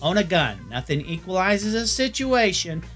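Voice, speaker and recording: Man, blunt film review narration, lively pitch, faint music behind. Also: moderate pace.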